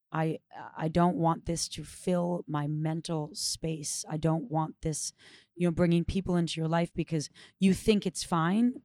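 A middle-aged woman who leads retreats, talking casually and telling stories with lively expression. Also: sits low, dry recording, studio quality. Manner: animated, expressive storyteller. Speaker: retreat and workshop leader. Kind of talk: casual conversation.

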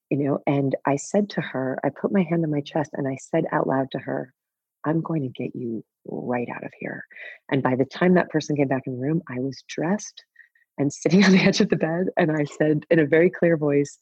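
A woman's voice: sits low, darkish tone, husky, no echo, highs cut off. A woman in her fifties, a guest author speaking candidly in an interview, laughing often and swearing casually. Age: 50s.

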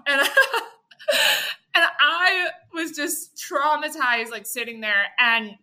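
Bright, chatty young woman telling a story. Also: high-pitched, extremely slow. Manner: animated, chatty, full of "like" fillers. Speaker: podcast guest. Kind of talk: casual storytelling.

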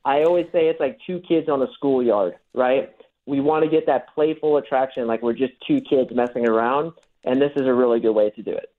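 A man's voice: mid-range voice, fairly quick. A man, a dating coach, explaining his methods in a radio interview, acting out the lines he uses. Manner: explains techniques, acts out quoted lines. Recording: thin phone-line sound.

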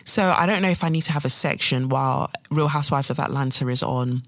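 A woman's voice: rumbling low, fast, no echo, studio quality. A woman hosting a casual solo chat, ranting and swearing as she talks. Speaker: podcast host.

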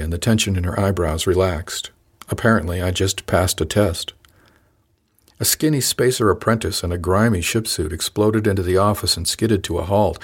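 A man with a fairly low voice reads a first-person novel aloud in a measured, calm way. His delivery is scripted and steady. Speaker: audiobook narrator.

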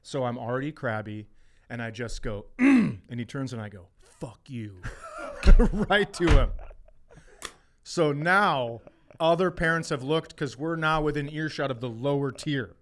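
Animated, profane storytelling man. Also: mid-range voice, unhurried. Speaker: podcast co-host. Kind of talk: casual storytelling chat.

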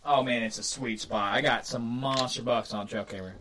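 A man casually telling a long, excited hunting story on a podcast, laughing often and getting animated. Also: medium pitch, a little fast, slight background noise.

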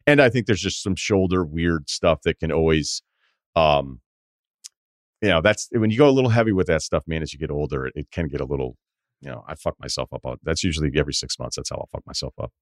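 A man in his forties hosting a podcast, telling rambling stories in casual chat with swearing and animated asides. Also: rumbling low, quick pace, dry recording, clean studio sound. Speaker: podcast host.

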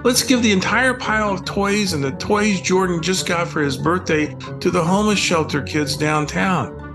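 A man's voice: high-pitched, normal speed, music in the background, pitched above the performer's own voice. An older man reading the lines of a wise eight-year-old girl who explains things earnestly.

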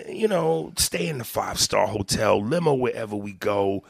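A man, a comedian, talking in a casual podcast chat, profane and animated, often acting out little voices. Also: fairly low pitch, moderate pace, gravelly, no room sound, studio quality. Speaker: comedian guest.

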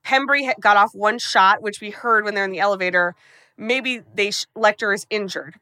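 A woman podcast host recapping a film for a guest, telling it fast and breathlessly, with lots of profanity. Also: mid-range voice, bright, forceful tone, no room sound. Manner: rapid, profane, breathless storytelling.

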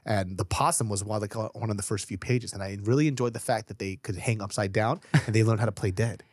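A man as a podcast guest in casual chat, telling stories in an animated, profane way. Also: on the low side, fast, no room sound, studio quality.

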